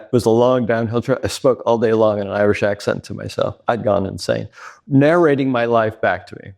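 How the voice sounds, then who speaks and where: A man guest in a casual interview, telling candid stories in an animated way, laughing often. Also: on the low side, normal speed, creaky.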